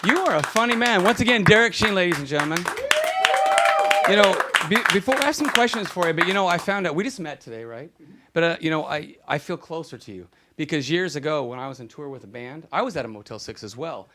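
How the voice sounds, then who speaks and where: Man, show host, halting chatter with fillers, fairly high pitch, faint background noise. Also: animated. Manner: eager, halting, lots of filler words. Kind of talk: casual interview chat. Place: live show stage.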